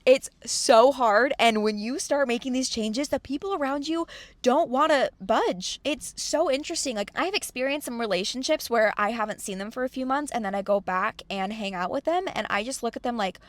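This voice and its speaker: A woman's voice: fairly high pitch, normal speed, dry recording. A young woman in a casual, earnest motivational talk, acting out her own complaining thoughts. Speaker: host of self-help channel.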